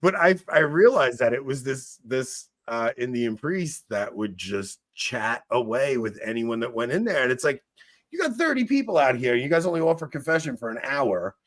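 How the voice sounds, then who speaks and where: A man's voice: mid-range voice, normal speed, hardly any pauses, a bit bright. A man hosting a podcast in casual chat, rambling and laughing often. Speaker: podcast host.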